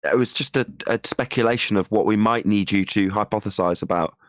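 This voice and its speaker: Deep-voiced mocking male co-host. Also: a little fast, no echo. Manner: mocking, chuckling, argumentative. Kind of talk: casual online call-in chat.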